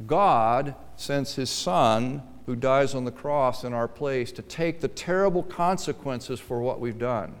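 A man's voice: medium pitch, moderate pace, clean tone, long reverb tail. A man preaching a sermon, rising to strong emphasis and acting out churchgoers' lines. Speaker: pastor.

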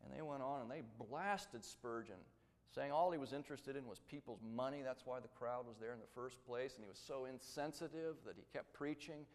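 A man preaching a sermon, telling a story with dramatic swings between loud emphasis and hushed tones. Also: mid-range voice, moderate pace, long reverb tail.

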